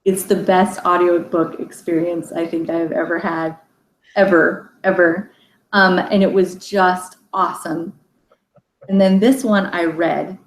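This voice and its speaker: Hosting a relaxed book discussion on a livestream, a woman speaks a little slowly in a lowish voice with little pitch movement. She's chatty and laughs often, her speech full of fillers and restarts, recorded in an echoey room with faint background noise.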